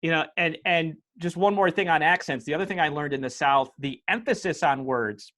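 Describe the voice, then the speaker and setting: A man's voice: fairly high pitch, a little fast, bright, forceful tone. A man with an upstate New York accent hosting a podcast and chatting from home over a video call on a lapel mic, telling stories and explaining history like the teacher he is. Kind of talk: casual chat.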